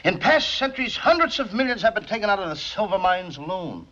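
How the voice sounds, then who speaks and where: Flustered stammering speechmaker. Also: male voice, high voice, very animated, brisk, sharp tone, heavily acted. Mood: orating. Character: bumbling nervous American man giving a speech. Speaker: speech-giving pupil. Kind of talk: 1940s film comedy acting. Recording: dull old film soundtrack with faint noise.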